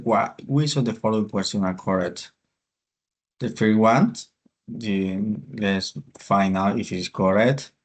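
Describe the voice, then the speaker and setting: A man explaining grammar exercises in an online class, speaking haltingly with restarts and hesitant fillers. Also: lowish voice. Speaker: class presenter.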